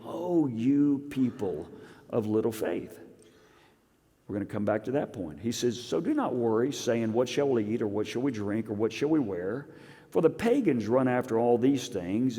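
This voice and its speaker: A male pastor delivering a sermon with animated energy, rising to loud emphatic points and dropping to hushed asides. His mid-pitched voice rings out with a long reverb from a church hall. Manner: animated preaching, swinging between loud emphasis and quiet asides. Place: church sanctuary.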